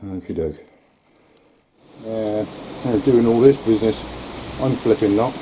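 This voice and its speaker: A man's voice: fairly low pitch, measured pace, warm tone, a little hiss or hum. A man with a British accent chatting casually outdoors, muttering to himself and his dog. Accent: British English. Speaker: vlogger. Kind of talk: casual vlog talk.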